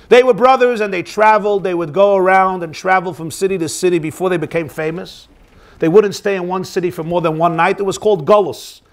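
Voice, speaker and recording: High-voiced man teaching a religious class. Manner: expressive, emphatic, switches between speaking and quoted voices. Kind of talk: religious lecture with storytelling.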